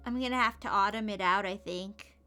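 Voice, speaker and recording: A young woman streaming a game, chatting playfully and gushing over cute outfits, sometimes dropping to soft whispers. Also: mid-range voice, brisk. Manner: slips into soft whispers and mutters. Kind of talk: casual gameplay commentary. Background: game music.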